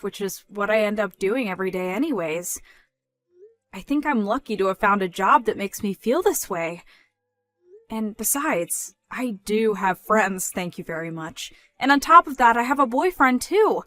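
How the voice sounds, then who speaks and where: In a dramatized story, a woman voices a calm young working woman who replies in a measured, polite but firm manner. Her voice is a little high.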